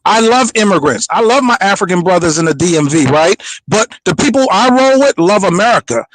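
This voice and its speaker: A man's voice: high-pitched, expressive, fairly quick, dry recording, rough recording. A man arguing on a talk show, talking over the other side and repeating "brother" and "Carla". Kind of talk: heated debate.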